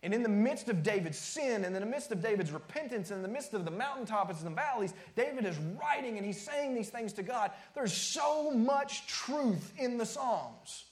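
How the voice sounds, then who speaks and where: A man's voice: high-pitched, expressive, fast talker, few pauses, reverberant. A man preaching a sermon as pastor, emphatic and repetitive, sometimes dropping to a near-whisper.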